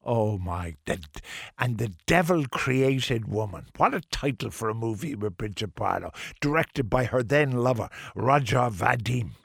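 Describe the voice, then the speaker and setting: A man's voice: mid-range voice, lively intonation, a little slow, creaky, husky, no room sound. An older man hosting a radio show in a studio, chatting in a rambling, playful way with theatrical outbursts. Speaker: radio host. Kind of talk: casual radio chat. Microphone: studio microphone.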